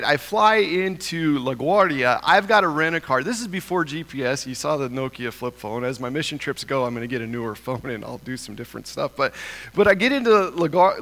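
A pastor from Idaho telling a humorous, self-deprecating story in a sermon. He talks in an animated way and chuckles often. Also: fairly high pitch. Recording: long reverb of a large hall.

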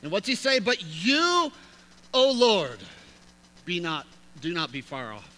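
This pastor reads scripture slowly in a high, bright, forceful voice whose pitch swoops wildly, his emphasis rising as he preaches and tosses chatty asides to listeners.

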